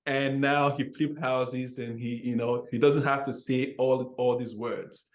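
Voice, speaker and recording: A man hosts a conversational interview at a mid-range pitch. He speaks in an animated way, often restarting his phrases. His voice echoes around the room. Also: unhurried.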